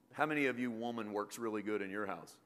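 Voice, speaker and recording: A man preaching a sermon to a congregation, swinging from loud, emphatic points to quiet, joking asides. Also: on the low side. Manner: jokey, self-deprecating with the congregation.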